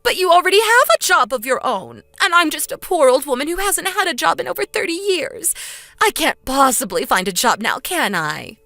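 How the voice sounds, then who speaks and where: A woman voicing a pushy older mother-in-law who pleads and demands in a high, swooping voice. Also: very animated, normal speed, sharp tone, no echo, heavily acted. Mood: pleading. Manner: wheedling, then shrill and demanding. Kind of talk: dramatized story dub.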